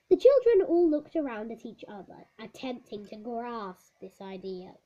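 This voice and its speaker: A woman's voice: on the high side, very animated, moderate pace, dark tone. A woman reading a children's book aloud, stumbling over words and correcting herself. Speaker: storybook reader. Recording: dull lo-fi recording.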